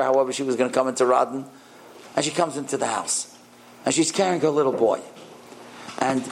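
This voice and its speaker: Gravelly-voiced man telling a sermon story. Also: fairly high pitch, slight background noise, low-quality recording. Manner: animated retelling with Hebrew and Yiddish terms.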